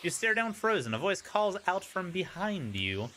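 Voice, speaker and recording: High, lively man reading a game aloud. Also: moderate pace, slight background noise. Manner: playful, wry asides. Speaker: streamer. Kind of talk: reading a dating sim aloud with commentary.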